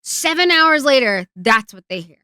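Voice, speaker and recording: A woman streamer telling a personal story in a chatty, emotional way, swearing freely and filling pauses with "um" and "like". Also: high-pitched, very animated, pushed and bright, clear, resonant tone, no echo. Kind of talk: casual livestream storytelling.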